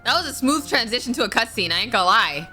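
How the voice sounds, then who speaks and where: A woman's voice: fairly high pitch, lively intonation, fast talker, pushed and bright. A young woman streamer giving playful, slangy commentary while playing a game. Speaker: gaming streamer. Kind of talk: casual let's-play commentary. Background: game music.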